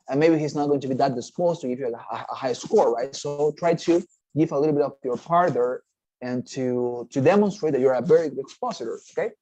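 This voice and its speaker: Mellow-voiced man teaching a test-prep class. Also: mid-range voice, dull audio. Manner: explanatory, checks in with "okay?" often; halting, restarts phrases. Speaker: TOEFL teacher. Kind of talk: recorded class lecture.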